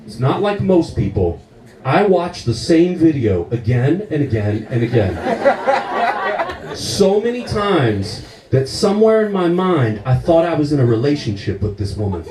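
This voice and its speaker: A man performing stand-up comedy with profane, animated storytelling. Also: on the high side, measured pace, roomy sound, recorded from a distance, a crowd in the background, poor audio. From United States.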